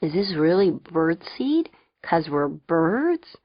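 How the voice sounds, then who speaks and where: A woman's voice: on the low side, sing-song, takes it slowly, dry recording, highs cut off, full character voice. A woman voicing a blind, wisecracking teenage boy in an audiobook. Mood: amused.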